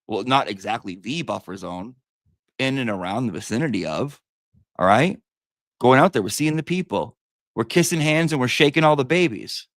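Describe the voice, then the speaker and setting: A man's voice: lively intonation, moderate pace, fairly bright tone, no echo, clean studio sound. Chatty profane man. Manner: chatty, profane, swinging emotional pitch. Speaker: livestream host. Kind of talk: casual livestream chat.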